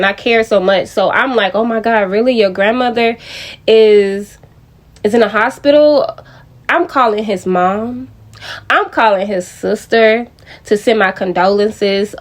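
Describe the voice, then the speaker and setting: A young woman talks straight to her viewers in a casual vlog. Her voice sits a little high, and her delivery is chatty, with frequent restarts as she tells a personal story. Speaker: vlogger.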